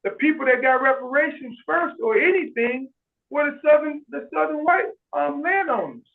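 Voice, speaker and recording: A man telling stories in casual chat on a video call, animated, acting out quoted voices and often restarting his sentences. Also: very high-pitched, moderate pace, vocal fry. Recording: tinny phone-like video call audio.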